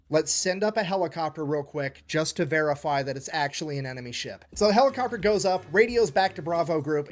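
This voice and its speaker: A man with a high voice tells a military history story in an energetic, joking manner, with the odd profane aside. Faint music plays under his narration.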